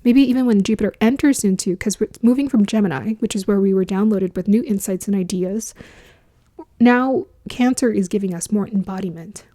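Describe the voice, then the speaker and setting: A woman's voice: medium pitch, fairly quick, warm tone. A woman giving a casual spiritual astrology talk, musing aloud, laughing often and dropping into whispers for emphasis.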